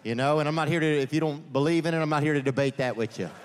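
This stand-up comedian racing through his set on a theater stage has a highish, clear, resonant voice. He rambles through meandering digressions, relying on "man" and "you know," recorded in a reverberant theater with faint audience ambience.

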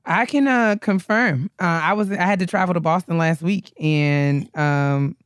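A man's voice: high-pitched, unhurried, smooth, no echo, clean studio sound. A man co-hosting a casual chat, sassy and dramatic, laughing often. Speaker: podcast co-host.

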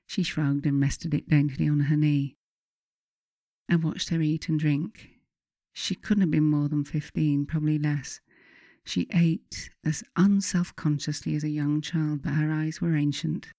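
A woman reads her own memoir in a measured, reflective voice. Her tone is warm and mellow. The recording is close and dry, with no room sound. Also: low-pitched, flat delivery, no room sound. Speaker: author reading her own book. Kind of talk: memoir audiobook narration.

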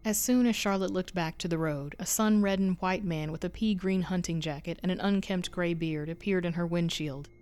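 Low-voiced woman narrating a horror story. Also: a little mellow, clean tone. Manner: measured, suspenseful storytelling. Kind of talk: scripted narration.

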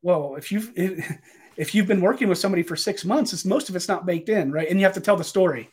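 A man with a high voice explains business matters in an easy, coaching manner. He lays out his points one step at a time. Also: a little fast, slightly rough. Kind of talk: casual interview explanation.

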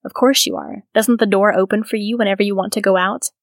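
Mister Sean, a hardened convict, read by a woman with a gravelly voice. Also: sits high, steady tone, quick pace, dry recording, clean studio sound. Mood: bitter. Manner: incredulous, gasping. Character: hardened male murderer prisoner, bitter then stunned.

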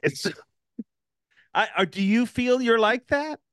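A man's voice: very high voice, animated, slow pace, fairly bright tone, clear, resonant tone, no room sound, studio quality. A man from Ireland hosting a podcast, telling stories casually with lots of laughter. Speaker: podcast host. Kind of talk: casual interview chat.

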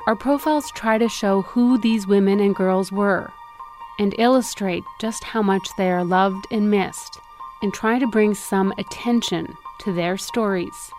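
A woman narrates an investigative documentary with a measured, serious delivery and a voice of middling pitch. She speaks steadily and with care, and faint music sits underneath. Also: darkish tone. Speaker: investigative reporter and podcast host.

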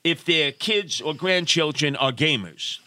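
A man's voice: on the high side, a little slow, pushed and bright, dry recording. A middle-aged man, hosting a casual podcast with showy broadcaster patter. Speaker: podcast host, father. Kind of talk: casual radio-style chat.

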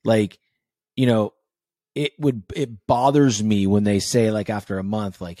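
A man with a fairly low voice, chatting as a podcast host. He is animated and jokey, and he swears freely. The sound is dry and close to the mic. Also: takes it slowly, no echo. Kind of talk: casual conversation.

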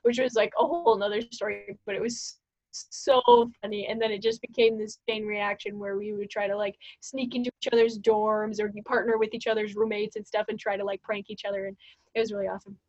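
A woman's voice: mid-range voice, brisk, no room sound. A young woman co-hosting, casually telling a funny story and acting out what others said, often laughing. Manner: animated, laughing, acts out quoted voices. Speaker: co-host. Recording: dull lo-fi sound.

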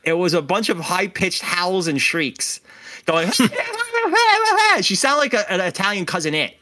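A man co-hosting a podcast in loose, casual chat, jokey and prone to swearing. His voice sits a little high and sounds bright and forceful. His pitch swings widely as he gets animated. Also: measured pace. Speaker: podcast co-host.

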